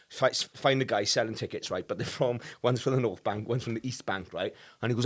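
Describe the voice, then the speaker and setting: A man with a South Welsh accent, co-hosting a podcast and telling animated, sweary anecdotes over casual pub chat. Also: mid-range voice, brisk, few pauses, breathy edge. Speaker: podcast co-host.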